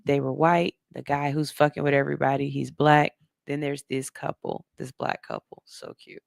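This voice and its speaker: A woman hosting a radio show, telling a story to her listeners in a casual, animated way and calling them "y'all". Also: sits low, gravelly, dry recording, studio quality. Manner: animated, talks straight to the audience as "y'all"; slips into soft, hushed voices when quoting people.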